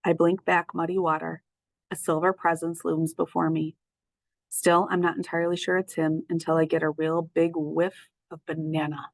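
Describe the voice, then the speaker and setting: A woman narrating a storybook in a lively, expressive way. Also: low-pitched, normal speed, dry recording, poor audio. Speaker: audiobook reader.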